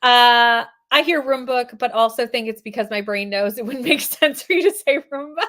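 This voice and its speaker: Woman host, upbeat chatter, slightly high voice, reads chat aloud. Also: sharp tone. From Canada. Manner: chatty, upbeat, quick asides. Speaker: livestream host. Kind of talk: casual chat reading out live comments.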